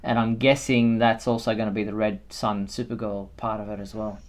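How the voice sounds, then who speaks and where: A man hosting a live fan chat show, talking in a relaxed way. He thinks aloud and leans on fillers as he goes. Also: fairly low pitch, a little fast. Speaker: host.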